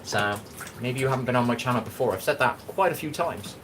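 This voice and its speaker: An Englishman hosts a casual cooking livestream, his plain, medium-pitched voice quick and expressive. He rambles and chats loosely, answering viewers' comments as he cooks, with faint background noise beneath him.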